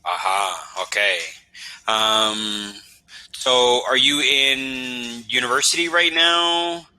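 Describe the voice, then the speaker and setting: A man's voice: mid-range voice, takes it slowly, bright, forceful tone, clear, resonant tone. A man from the United States tutoring English in an online lesson, patient and encouraging, often checking that he understood. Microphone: video call.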